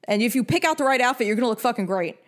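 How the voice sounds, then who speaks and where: A woman's voice: a little high, animated, rapid-fire. A young woman from New York giving blunt, bossy advice in a casual rant full of swearing. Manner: blunt and heavily profane; bossy, lecturing.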